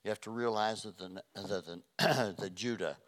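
Preacher, man, middle-aged, lowish voice, dynamic sermon delivery. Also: normal speed. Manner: swings from loud emphatic preaching to soft hushed tones.

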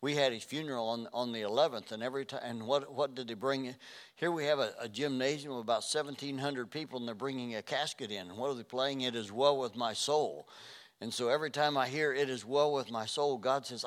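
An older man preaching a sermon, earnest, dropping to a hush and then rising loud. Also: medium pitch, quick pace. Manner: earnest, swings from hushed to loud. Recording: reverberant hall.

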